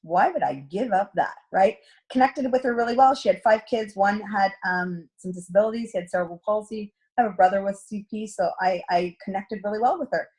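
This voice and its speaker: A woman's voice: medium pitch, a little fast, darkish tone, slightly rough. A middle-aged woman coaching a direct sales team in a chatty storytelling talk, acting out quoted dialogue. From Canada.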